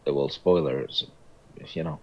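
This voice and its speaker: A man's voice: a bass voice, measured pace, a little mellow, dull audio, slight background noise. A man co-hosting a movie review show, adding short remarks and observations in casual talk. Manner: short agreeing remarks, thoughtful asides. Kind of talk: casual film discussion.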